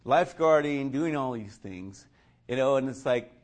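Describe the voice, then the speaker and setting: A man at medium pitch and a moderate pace tells the story of his faith in a casual way. His speech is loose and full of fillers, he chuckles often, and he imitates others' lines in lively voices.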